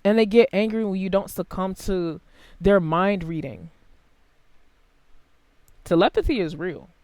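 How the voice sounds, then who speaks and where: A tarot reader giving a casual, blunt and heavily profane reading to camera, swinging between quiet asides and loud outbursts. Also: measured pace, no room sound. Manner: big jumps in pitch and loudness.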